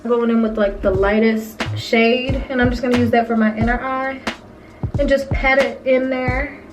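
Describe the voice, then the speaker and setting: A woman's voice: fairly high pitch, steady tone, normal speed. A young woman in her twenties chatting playfully through a casual makeup tutorial, talking straight to her viewers. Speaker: beauty vlogger. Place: bedroom at home. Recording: distant mic with music behind.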